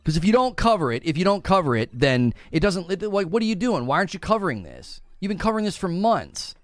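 A man with a high, lively voice rants on a live stream, grumbling and repeating himself in exasperation. The sound is dry and close, with faint music underneath. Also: fast, no room sound. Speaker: gaming news streamer.

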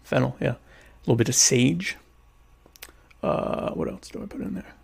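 A man with a medium-pitched, creaky voice and a breathy edge speaks at a moderate pace. He's hosting a casual livestream from home during a meal, joking with viewers and teasing them while poking fun at himself.

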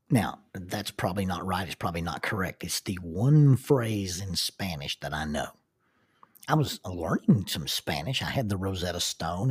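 A man's voice: fairly low pitch, darkish tone, breathy edge, dry recording, studio quality. A middle-aged man with a Southern accent, telling folksy, self-deprecating travel stories with laughter. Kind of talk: casual storytelling.

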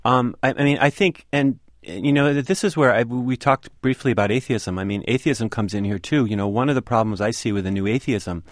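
A man's voice: medium pitch, fairly quick, hardly any pauses, dry recording, studio quality. A man being interviewed about his book, making his case earnestly with emphatic repetition. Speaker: author and guest. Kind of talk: radio interview discussion.

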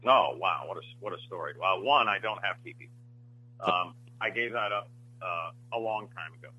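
Low, forceful male screenwriter, muffled audio. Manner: halting, many fillers and restarts. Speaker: screenwriter guest. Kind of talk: interview storytelling.

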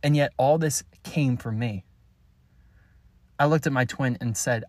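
A man delivering a frustrated, halting, blunt confessional message as a spiritual content creator. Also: medium pitch, no echo.

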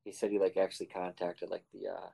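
A man's voice: sits low, flat delivery, fast talker, vocal fry, warm tone, husky. A man hosting a podcast in casual, joking chat, laughing often and rambling loosely. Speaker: podcast host.

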